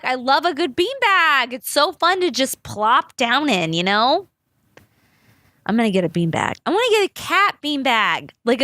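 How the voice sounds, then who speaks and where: A woman hosting a podcast in casual chat, rambling and animated and swearing freely. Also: high-pitched, dry recording, studio quality. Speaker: podcast host.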